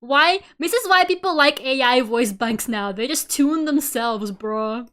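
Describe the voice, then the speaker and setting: A woman in her twenties chatting casually on a live stream, giggly and animated as she tells stories. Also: high voice, a little slow. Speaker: VTuber streamer.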